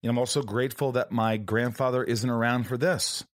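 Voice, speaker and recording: A man's voice: mid-range voice, steady tone, fairly quick, no room sound, studio quality. A man hosting an interview, talking candidly and emotionally with casual swearing. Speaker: podcast host.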